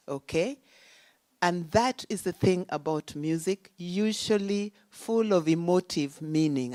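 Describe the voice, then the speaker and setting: Low-voiced woman giving an academic talk. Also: darkish tone, no echo. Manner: deliberate, rhetorical questions, emphatic. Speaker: symposium speaker. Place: conference venue.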